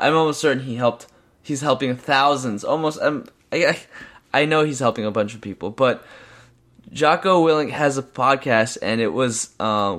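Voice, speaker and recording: A young man co-hosting a podcast, talking in a rambling, excitable way with lots of fillers and restarts. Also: mid-range voice. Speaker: podcast co-host. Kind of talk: casual chat.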